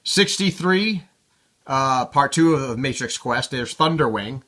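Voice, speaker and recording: Male collector, casual show-and-tell commentary, offhand and cussing, crisp forward tone. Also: medium pitch, expressive, takes it slowly, fairly bright tone. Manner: offhand and irreverent, swears freely. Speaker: comic collector showing his collection.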